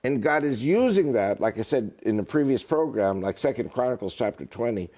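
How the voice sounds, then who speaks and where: Animated guy telling stories on a talk show, voice jumping all over. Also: medium pitch, fairly quick. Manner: animated, joking storyteller. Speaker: guest speaker. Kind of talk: casual interview chat.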